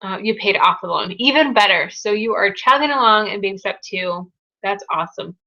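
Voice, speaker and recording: A bright, forceful young woman talks straight into a webcam, gushing and upbeat as she hosts a live Q&A. The sound is dull and lo-fi. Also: medium pitch, lively intonation, fairly quick. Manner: upbeat, gushing over viewer news. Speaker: live Q&A host. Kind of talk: casual live-stream chat.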